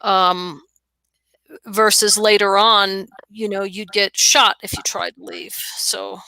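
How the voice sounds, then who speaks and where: A woman's voice: medium pitch, level tone, slow, creaky, pushed and bright, clear, resonant tone, no room sound. A woman hosting an interview, curious and asking long, loose questions. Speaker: show host.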